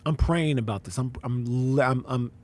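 A man's voice: mid-range voice, unhurried, darkish tone. A man, a pastor, telling a personal story in casual conversation, acting out quoted voices and using slang.

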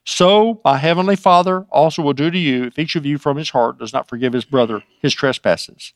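A man's voice: fairly high pitch, fairly quick, no echo, clean studio sound. A man preaching a sermon, reading scripture aloud and then explaining it in a conversational way with frequent restarts. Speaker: pastor.

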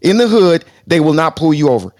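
A man's voice: a little high, sing-song, fast talker, darkish tone. A man moderating a live chat room, casual and streetwise, joking and calling people brother. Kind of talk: casual slangy banter.

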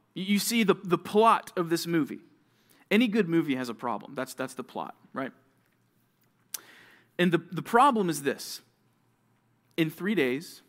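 A young man with a fairly high voice preaches to a junior high group. He tells stories and acts out little scenes as he goes, jumping from loud calls to near whispers. The style is a lively youth sermon. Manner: animated storytelling, acting out little scenes with swings from loud to hushed. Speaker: youth pastor.

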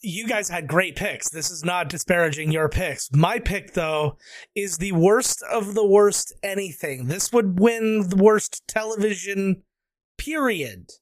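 Casting: high-pitched male podcast panelist, dry close sound, lively storyteller. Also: unhurried, no room sound. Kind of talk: casual storytelling chat.

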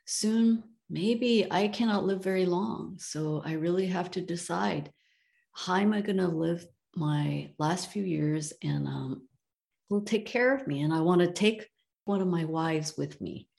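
A woman's voice: on the low side, measured pace, gravelly, darkish tone. A woman voicing an aging, sick wealthy man who talks in a pleading, wistful way.

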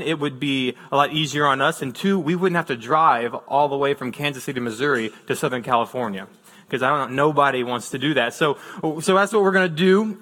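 Young male pastor, bright and slightly high, relaxed storytelling sermon with self-deprecating humor.

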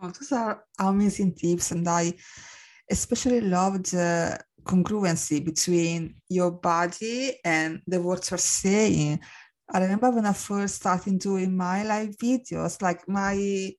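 A woman hosting an interview, reacting with enthusiastic, chatty warmth. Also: fairly low pitch, slow pace. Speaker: podcast host.

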